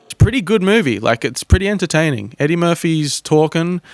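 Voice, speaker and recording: A man's voice: a little high, expressive, a little fast, dry recording. Wry man picking apart a film. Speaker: podcast co-host. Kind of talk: casual film review chat.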